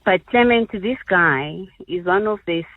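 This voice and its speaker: A woman's voice: on the low side, expressive, measured pace. Woman caller on a tinny phone line. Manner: effusive, heartfelt, praising. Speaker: radio caller.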